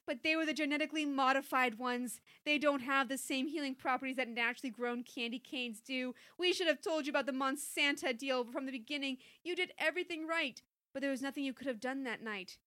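A woman voicing a fussy, long-winded mother who alternates between over-formal explanations and soft cooing. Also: sits high, steady tone, fairly quick, voice pushed up. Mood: soothing. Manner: wordy, mock-formal, cooing.

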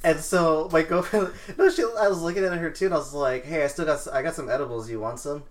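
A man's voice: a little high, quick pace. A man on a casual podcast, telling a sleepy, amused story in an easygoing way. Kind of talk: casual chat.

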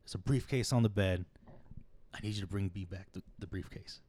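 A man voicing a cold, calculating male pimp in a crime story he retells, speaking firmly and flatly. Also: low-pitched, brisk, slight background noise, natural voice. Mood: instructing.

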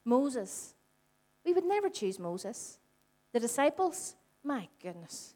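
A woman's voice: fairly high pitch, slow pace. A woman in her forties from Northern Ireland, giving a conversational sermon to a congregation and acting out the dialogue in her stories. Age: 40s. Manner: animated storytelling, acts out quoted dialogue. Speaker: church speaker. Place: church hall before a congregation.

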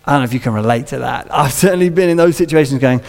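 A man's voice: mid-range voice, rapid-fire, vocal fry, darkish tone. A man preaching a sermon in a church, conversational and humorous, acting out little scenes. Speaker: pastor. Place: church auditorium. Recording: long reverb of a large hall.

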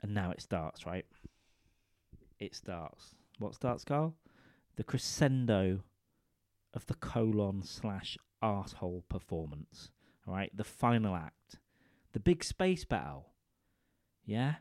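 A man with a low, mellow voice tells a vulgar comic anecdote into a studio microphone. He rambles and keeps asking his listeners "right?" as he goes. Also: big pitch swings, slow, dry recording.

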